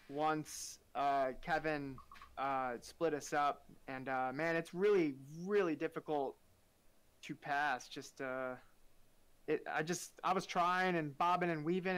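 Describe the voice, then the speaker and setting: A man talking after finishing second in a race, relaxed and a little rueful, with many fillers. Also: fairly high pitch, clear, resonant tone. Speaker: runner-up driver. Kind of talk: casual post-race interview.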